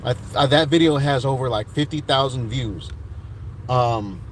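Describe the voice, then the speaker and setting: Here an American livestream host in his thirties reads out chat comments, rambling easily and often starting over. The voice is mid-range at a moderate pace, with a faint hiss or hum underneath.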